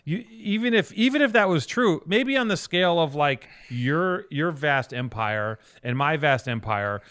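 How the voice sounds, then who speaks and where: A man's voice: fairly high pitch, expressive, unhurried, a bit bright, no room sound, studio quality. A man co-hosting a comedy podcast, rambling through tangents with lots of swearing and restarts. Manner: rambling, profane, jumps between tangents. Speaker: podcast co-host. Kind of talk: loose comedic banter.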